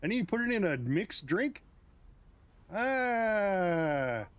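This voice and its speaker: A man's voice: high voice, big pitch swings, moderate pace, slightly rough, no room sound. A man from the United States, a game streamer casually chatting and reacting to his viewers' comments with chuckles and asides. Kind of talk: casual chat with live viewers.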